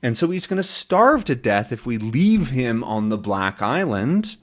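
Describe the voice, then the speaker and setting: A man's voice: mid-range voice, sing-song, a little slow. A man teaching English to learners by reading a comic aloud and explaining its words in plain language.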